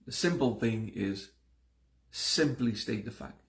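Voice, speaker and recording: A man with a gravelly, creaky voice teaches a spiritual class in an easygoing, conversational way. He circles back over his points and often restarts his sentences mid-thought. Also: medium pitch, lively intonation, slow. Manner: conversational, repeats himself, many restarts. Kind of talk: live-streamed class talk.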